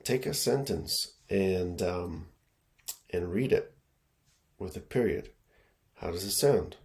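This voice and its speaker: A man's voice: low-pitched, takes it slowly, creaky. A man working as an education consultant, giving a casual teaching talk to schools and checking in often with "okay?" and "right?". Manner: relaxed, repeats himself, lots of fillers and "okay?" checks.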